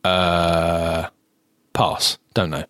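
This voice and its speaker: A man's voice: deep voice, level tone, very slow, bright, forceful tone, dry recording, clean studio sound. A man from the south of England with a southern English accent, hosting a casual podcast chat and talking with frequent restarts and fillers. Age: adult, lived ten years in current home. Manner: chatty, hesitant with many restarts. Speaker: podcast host.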